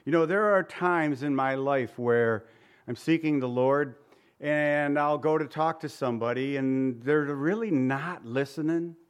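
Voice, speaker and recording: Man, pastor, sermon, slightly high voice, rhetorical questions, reads old scripture. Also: a little slow, clean tone. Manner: conversational preaching with rhetorical questions.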